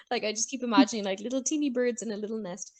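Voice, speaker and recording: A woman's voice: a little high, quick pace, darkish tone. A woman with an Irish accent hosting a podcast in casual chat, talking freely, swearing and laughing often. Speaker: podcast host.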